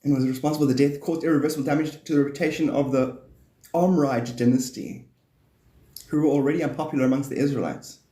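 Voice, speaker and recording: A man's voice: mid-range voice, steady tone, fast talker, mellow, roomy sound. A man hosting a live stream, chatting in a rambling way, laughing often and swearing as he jumps between topics.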